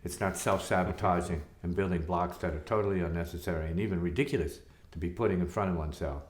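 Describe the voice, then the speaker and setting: A man's voice: sits low, fast. A man, a spiritual teacher, speaking reflectively and rhetorically and often checking in with "see?". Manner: rhetorical, keeps asking "see?". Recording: echoey room.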